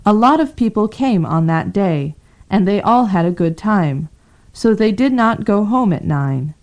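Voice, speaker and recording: A woman narrates a simple story for learners. Her reading is clear and unhurried, with each phrase set apart. Her voice sits at a middle pitch. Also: animated, darkish tone.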